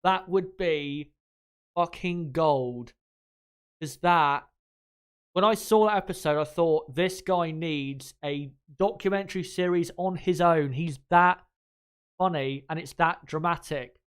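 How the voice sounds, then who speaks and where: Rambling young Englishman, smooth voice. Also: a little high, slow pace. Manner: rambling, frank, swears freely, laughs easily. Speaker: channel host. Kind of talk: casual live commentary.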